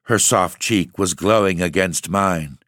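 A man with a deep, low voice reads a gothic story in a measured, steady way. The sound is dry and close to the mic. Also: no echo. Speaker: narrator, podcast host. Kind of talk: gothic audiobook reading.

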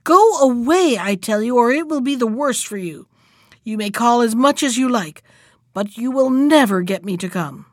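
A woman voicing an angry husband in a fairy tale, shouting defiantly at an unseen caller. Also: a little high, expressive, normal speed, dry recording, studio quality.

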